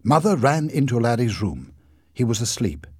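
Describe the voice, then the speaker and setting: A man reads a story aloud with a husky, slightly low voice. His pitch rises and falls very freely as he tells it. The sound is dry and close. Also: normal speed, no echo. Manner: expressive, lively storytelling. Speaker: narrator. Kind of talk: storybook reading.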